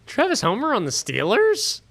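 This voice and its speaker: A man's voice: very high-pitched, huge pitch swings, normal speed, vocal fry, fairly bright tone. A man hosting a fantasy football livestream from his home studio, chatting loosely with viewers, swearing casually and sounding tired and yawning.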